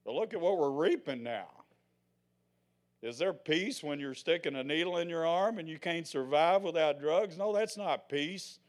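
An older man preaching a sermon in a folksy way, swinging from loud proclamations to hushed asides. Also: on the high side, expressive, moderate pace. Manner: folksy, acts out the scenes he tells.

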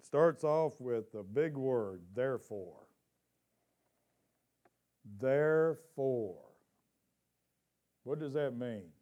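A man's voice: medium pitch, expressive, muffled recording. A man preaching a sermon in church, calling out questions to the congregation and stretching out scripture lines for emphasis. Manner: call-and-response with congregation, drawn-out emphatic scripture reading. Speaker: pastor.

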